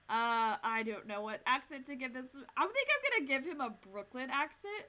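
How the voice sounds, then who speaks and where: A woman's voice: high voice, animated, normal speed, few pauses, sharp tone, slight background noise. Chatty young woman playing a game. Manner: chatty, giggly asides. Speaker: streamer. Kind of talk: casual let's play commentary. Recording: game music behind.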